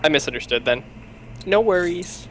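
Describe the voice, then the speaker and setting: A man playing in a tabletop role-play session, easygoing and quick to correct himself. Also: on the high side, lively intonation, a little hiss or hum. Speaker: player.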